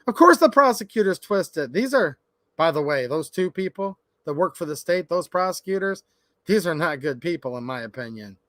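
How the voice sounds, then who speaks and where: A man's voice: fairly high pitch, expressive, moderate pace, a bit bright, no room sound. A man from Michigan hosting a casual livestream from his workshop, chatty and opinionated, talking straight to his chat. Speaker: gun channel livestream host.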